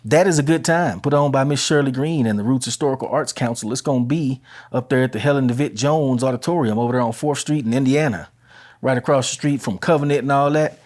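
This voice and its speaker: A man's voice: mid-range voice, fast, darkish tone. Laid-back man hosting a podcast. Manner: laid-back, chatty, talks straight to listeners. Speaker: podcast host. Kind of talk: casual community announcements. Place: at home.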